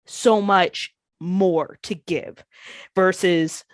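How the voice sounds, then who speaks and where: A woman, a professional wrestler, telling candid stories in an interview and acting out past conversations with lively shifts. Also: lowish voice, extremely slow, dry recording. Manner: animated, acts out past conversations in her stories.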